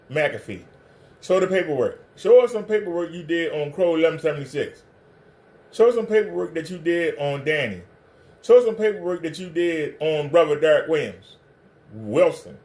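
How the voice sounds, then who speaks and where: A man's voice: a little high, darkish tone. A man hosting a livestream, ranting confrontationally and hammering the same pointed questions. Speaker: livestream commentator.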